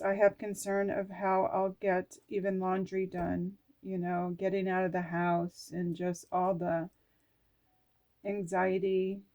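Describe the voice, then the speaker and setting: A woman's voice: medium pitch, a little mellow. A woman reading oracle cards and her own journal notes aloud, emotional and musing, now and then swearing casually. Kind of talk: slow personal reflective talk, reading aloud from cards and journal.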